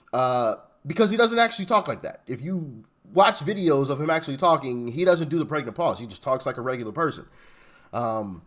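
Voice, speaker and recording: A man hosting a casual reaction commentary, animated and mocking, laughing as he talks. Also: fairly high pitch. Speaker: commentary channel host.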